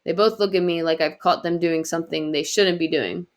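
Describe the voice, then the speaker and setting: A woman reading a novel aloud in quiet, earnest first-person narration. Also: lowish voice, fairly even intonation, a little fast. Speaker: audiobook reader.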